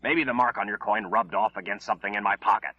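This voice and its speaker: Casting: male narrator doing a low, husky, evasive liar of a son, dull lo-fi sound. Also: fast talker, no echo. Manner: evasive, pleading, feigned innocence. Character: sly, scheming young man lying to his mother. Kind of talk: audiobook character voice.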